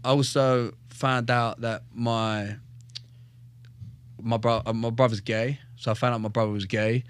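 A young fighter appearing as a podcast guest recounts his life story in casual talk loaded with swearing, animatedly acting out quotes. His medium-pitched voice is clear and resonant, measured in pace, and recorded dry.

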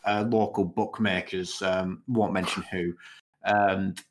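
A man's voice: low voice, steady tone, slow pace, slight background noise. A young man in his twenties co-hosting a podcast, chatting casually and rambling with lots of hesitations. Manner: rambling, hesitant, many "you know"s. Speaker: podcast co-host. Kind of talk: casual chat.

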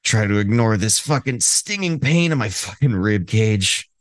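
A man's voice: on the low side, expressive, moderate pace. A man co-hosting a podcast in casual chat, laid-back and swearing freely, with many ums and restarts. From San Diego area. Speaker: podcast co-host.

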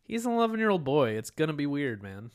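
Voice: medium pitch, very animated, quick pace, clear, resonant tone. A podcast co-host in laid-back, jokey casual chat, often tossing in casual slang. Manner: laid-back, jokey, says man a lot.

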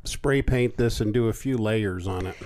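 A man's voice: on the low side, moderate pace, a little mellow. A man co-hosting a podcast, chatting casually with playful joking asides. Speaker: podcast co-host. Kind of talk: casual chat.

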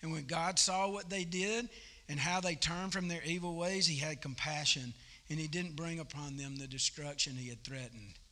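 A man preaching a sermon at a church service, telling the story in a folksy, animated way. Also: on the high side, moderate pace. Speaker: pastor.

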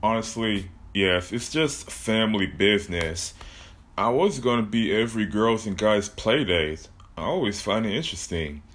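Guy doing a creepy cursed plush toy, mocking and smug, lowish voice. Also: animated, moderate pace, fairly bright tone. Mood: calm. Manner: taunting, mocking. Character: cursed killer plush toy, gleeful and menacing.

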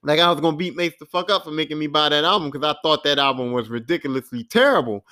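A man's voice: on the high side, fast talker, pushed and bright. A man in his forties hosting a podcast, telling a rambling, profane, self-mocking story. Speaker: podcast host. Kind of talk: casual storytelling monologue.

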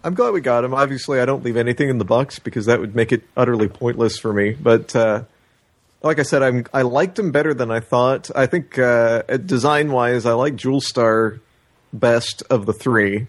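A man's voice: mid-range voice, moderate pace. A chatty man co-hosting a podcast. He talks things through at length and opens the segments. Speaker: podcast co-host. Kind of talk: casual chat.

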